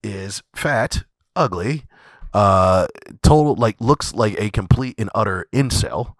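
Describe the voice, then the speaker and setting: Profane, low-voiced male podcast host. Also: slow, no room sound. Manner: profane, laughing, loose and conversational. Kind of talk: comedic storytelling.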